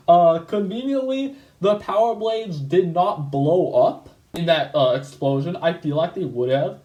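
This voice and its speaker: A man's voice: on the high side, measured pace, few pauses, dark tone, echoey room, muffled recording. A man hosting his own video channel, talking through his old comic in a loose, rambling way with lots of fillers and restarts. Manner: rambling, lots of "like" and self-corrections. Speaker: channel host. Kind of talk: casual video commentary.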